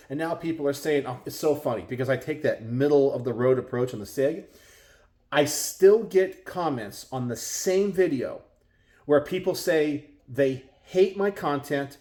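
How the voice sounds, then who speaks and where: A middle-aged Texan who hosts a gun channel talks casually to viewers from his home garage. Exasperated, he fires off rhetorical questions and mimics others in high voices, his dark-toned voice moving at a moderate pace with lively intonation.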